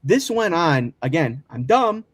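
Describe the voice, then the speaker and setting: A man's voice: a little high, sing-song, unhurried. A man from the area, a podcast guest chatting casually and telling stories with frequent restarts and laughs. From Chicago area, USA.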